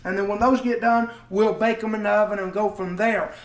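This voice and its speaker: A man's voice: high voice, steady tone, fairly quick, echoey room. A man chatting folksily as he demonstrates cooking in his home kitchen, joking as he goes. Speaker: cooking vlogger and preacher.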